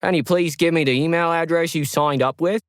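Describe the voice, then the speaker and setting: Narrator playing a calm male phone agent, unplaceable accent, lifted voice. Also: a little high, normal speed, dry recording, clean studio sound, voice pushed up, lightly acted. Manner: calm, polite.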